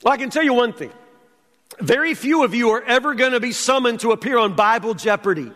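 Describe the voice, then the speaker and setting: A man's voice: very high-pitched, animated, a little fast, pushed and bright, long reverb tail. A man preaching a sermon as pastor, conversational with wry humor.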